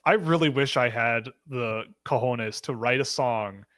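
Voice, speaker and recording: A man's voice: mid-range voice, measured pace, fairly bright tone, dry recording. Man, british host, jokey, laughs a lot, dry close sound. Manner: joking, laughs often, reads chat questions aloud. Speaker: podcast host. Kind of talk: casual live-stream chat.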